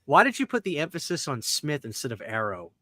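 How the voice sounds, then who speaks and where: A man's voice: fairly high pitch, huge pitch swings, a little fast, sharp tone, no echo. A man hosting a podcast in casual chat, ranting bluntly and emphatically with plenty of profanity. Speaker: podcast host.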